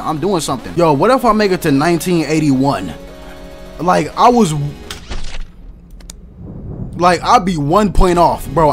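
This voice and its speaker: Young male gamer, raised voice, jumpy and swearing, talks to the game characters, lively pitch swings, soft music underneath. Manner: excitable, slangy, swears, yells and screams at game characters. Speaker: gaming YouTuber. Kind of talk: loud reactive let's-play commentary.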